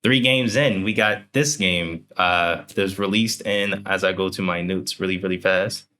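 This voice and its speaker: A man's voice: low-pitched, steady tone, moderate pace, bright, forceful tone. A young man co-hosting a podcast, chatting casually in a rambling, joking way. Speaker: podcast co-host.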